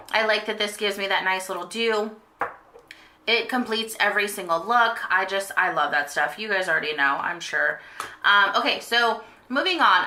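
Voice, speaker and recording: A woman's voice: mid-range voice, sharp tone, echoey room. A young woman in a casual beauty vlog, chatting about her favorite products with lots of fillers and gushing. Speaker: beauty vlogger. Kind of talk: casual monthly favorites chat.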